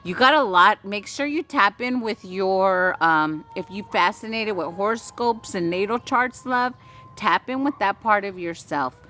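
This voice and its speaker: A woman's voice: medium pitch, animated, measured pace, sharp tone. A woman from Texas, giving a casual spiritual energy reading on a live stream, soothing and chatty with frequent giggles. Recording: noisy background with passing vehicles.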